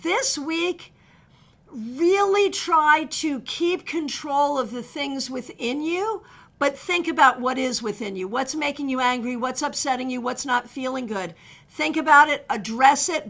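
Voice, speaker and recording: A woman with a high, bright voice reads tarot cards on a live stream. She talks in a chatty, direct way, greets viewers one by one and gives blunt advice. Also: unhurried. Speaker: tarot reader. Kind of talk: live-stream card readings.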